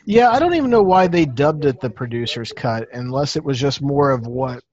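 A man chatting casually on a voice call, animated as he tells stories and acts out quotes. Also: mid-range voice, moderate pace, muffled recording. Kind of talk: casual chat.

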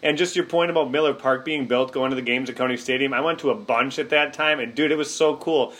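A man hosting a casual sports podcast, relaxed and enthusiastic, asking his co-host questions and peppering talk with fillers. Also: mid-range voice, quick pace. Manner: relaxed, enthusiastic, lots of you-knows, asks questions.

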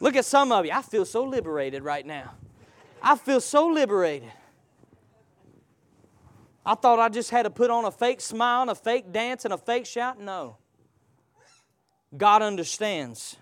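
A man with a strikingly high voice preaches with fervor, calling out questions for the congregation to answer. He rises to loud peaks, then drops to near-whispered passages. The sound is dry and close, with no room echo. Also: sing-song, measured pace, pauses often. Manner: impassioned, swings from loud to hushed, asks the congregation questions. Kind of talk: live sermon with call-and-response.

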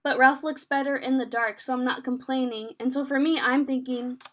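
A woman's voice: high-pitched, steady tone, a little fast, a bit bright. A woman co-hosting a casual chat, animatedly retelling a TV episode and acting out quoted lines. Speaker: podcast co-host.

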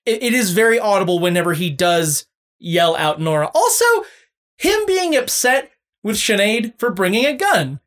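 A woman hosts a casual podcast and runs a quiz for her guests. Her pitch moves a lot from line to line, and she talks with plenty of uh and um. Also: moderate pace. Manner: quizzing guests, frequent fillers, lively pitch. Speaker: podcast host running a quiz.

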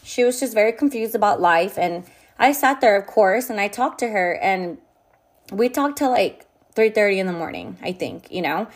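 A woman's voice: mid-range voice, animated, normal speed. A young woman talking candidly to camera, telling a personal story in a casual, frank way, full of fillers and swearing. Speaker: vlogger.

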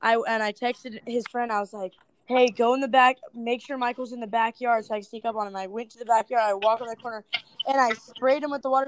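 A woman's voice: fairly high pitch, steady tone, fast talker, rough recording. A young woman being interviewed, telling stories in a chatty way, often laughing and acting out what people said. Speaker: interviewee, video creator. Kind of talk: casual interview storytelling.

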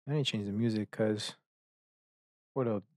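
A man's voice: lowish voice, steady tone, a little fast, a little mellow, no room sound, studio quality. A man hosting a solo podcast, rambling, swearing freely and breaking off to mock himself. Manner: rambling and profane, self-mocking asides. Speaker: podcast host.

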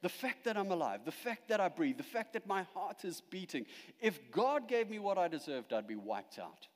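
Animated male preacher in a reverberant hall. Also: high voice, normal speed. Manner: animated preaching, rising to emphatic peaks and dropping quiet. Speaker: pastor. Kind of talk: sermon.

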